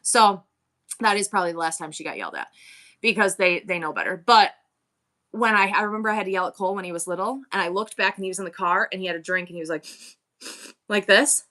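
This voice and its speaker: A woman's voice: mid-range voice, fast talker, bright, forceful tone. A woman in her forties hosting a live-selling stream, chatting candidly with viewers and rambling through her stories. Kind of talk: casual chat to live viewers.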